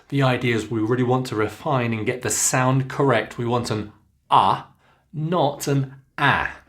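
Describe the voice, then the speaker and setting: A man with a British accent coaching pronunciation to camera. He speaks slowly and deliberately, with a voice of middling pitch, and he models each sound carefully for his learners. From Britain.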